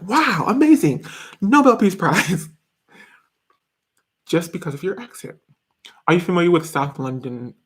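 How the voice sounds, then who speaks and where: A man with a fairly high voice chats loosely on a live stream, joking as he goes and breaking into laughs. His delivery rambles from one thought to the next. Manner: playful and jokey, laughing often; chatty and rambling. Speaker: video host. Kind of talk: casual live-stream chat answering questions.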